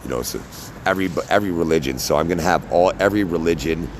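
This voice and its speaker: A man talking casually to camera in a rambling, halting monologue full of fillers and tag questions. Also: low-pitched, a little hiss or hum. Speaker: vlogger.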